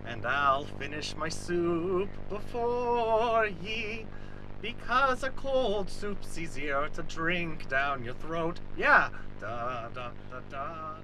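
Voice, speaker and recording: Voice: mid-range voice, animated, takes it slowly, sharp tone, a little hiss or hum. A performer playing an eccentric woman with a Cockney accent in an improvised comedy audio play, drawling and rambling. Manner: drawling, sing-song, trails into nonsense.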